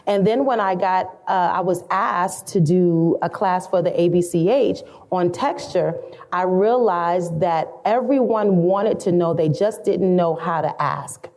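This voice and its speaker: A middle-aged salon educator, guesting on a storytelling podcast, speaks earnestly and reflectively, building her points through repeated phrases. Her voice is lowish and darkish, with a measured pace.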